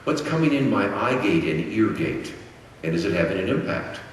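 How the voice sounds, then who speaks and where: A middle-aged man with a lowish voice speaks at a conference, working through his points like a teacher and throwing questions to the audience before answering them. His voice bounces around a big, very reverberant hall, picked up from well back, with a faint hum of room ambience underneath. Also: sing-song, normal speed. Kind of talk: Christian apologetics lecture. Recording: very echoey hall, distant mic, faint ambience.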